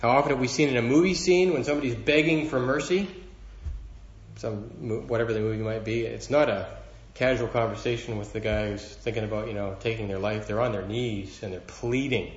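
A man delivers a sermon in a church hall, earnest and steady, leaning harder into his words when he quotes scripture. The room rings around his mid-pitched voice, and the sound is a little dull and muffled. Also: fairly quick. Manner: earnest, rising in emphasis when quoting scripture. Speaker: preacher.

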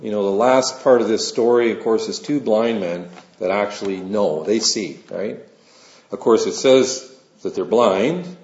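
A man's voice: medium pitch, a little mellow. A man preaching a sermon in a conversational, folksy way, mixing scripture reading with personal asides. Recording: roomy, slightly dull sound.

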